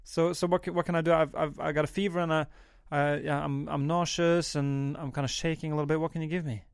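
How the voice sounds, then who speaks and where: A man hosting an improvised comedy sketch in a slightly high voice, stumbling and repeating himself in flustered stammers. He often breaks into giggles as he plays along. The recording is dry and close. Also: level tone, fast talker, creaky, smooth, dry recording. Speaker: host of a comedy bit.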